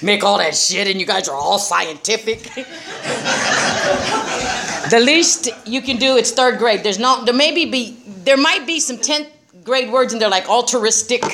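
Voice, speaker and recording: A woman's voice: fairly high pitch, unhurried, background noise. A middle-aged woman speaking bluntly to a group about recovery, swearing freely and laughing often. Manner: profane, laughing, streetwise. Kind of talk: blunt personal talk to a group.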